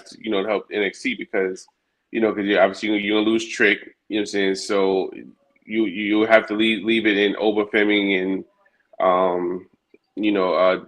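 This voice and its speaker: A man's voice: lowish voice, a bit bright. Rambling man chatting about wrestling. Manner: rambling, many restarts and fillers. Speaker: podcast co-host. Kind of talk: casual chat.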